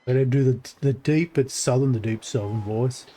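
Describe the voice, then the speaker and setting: Narrating his gameplay casually, a streamer thinks out loud with lots of fillers and restarts. His tone is dark, his pace normal, and his voice gets crackly when he pushes it low.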